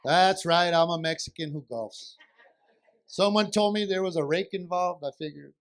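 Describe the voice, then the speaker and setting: A man's voice: high-pitched, normal speed. A man performing a stand-up comedy set on stage, telling stories and acting out a back-and-forth with his wife. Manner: animated storytelling, acts out wife and himself. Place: comedy stage at a benefit show.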